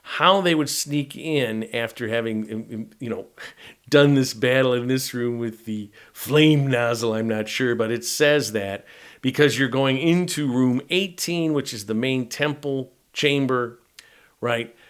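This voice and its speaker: His voice is mid-range, clean, and a little slow. The middle-aged tabletop game master explains a module in a loose, chatty walkthrough, constantly adding "right?" to his points.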